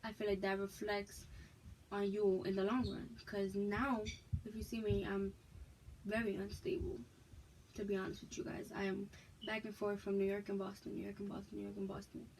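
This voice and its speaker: A woman's voice: medium pitch, completely flat delivery, normal speed, a little mellow, slight background noise, low-quality recording. A young woman from Massachusetts, frank and emphatic, telling her personal story to her viewers in a casual vlog. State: pregnant, expecting a child. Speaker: vlogger.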